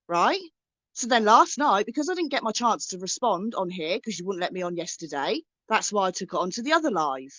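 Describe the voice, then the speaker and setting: Woman, indignant, insistent, fairly high voice, dry, lo-fi. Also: a bit bright, no room sound. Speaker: livestream guest. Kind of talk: heated livestream argument. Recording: dry muffled lo-fi stream audio.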